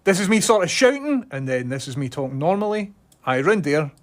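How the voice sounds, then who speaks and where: A Scottish man chatting casually to viewers on a live stream, excitable and talkative, speaking into a phone mounted on his head at home. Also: on the high side, a little fast.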